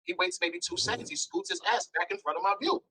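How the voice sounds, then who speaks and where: A man's voice: high-pitched, fast talker, slight background noise, low-quality recording. A man speaking as an interview guest, telling a blunt, candid story and acting out the dialogue. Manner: blunt, animated, acts out dialogue.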